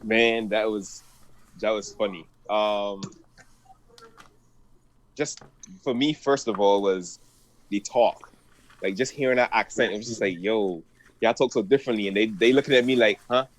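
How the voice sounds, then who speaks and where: A man's voice: on the low side, unhurried, pauses often. A man in casual podcast chat, talking in an easygoing, reflective way. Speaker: podcast guest.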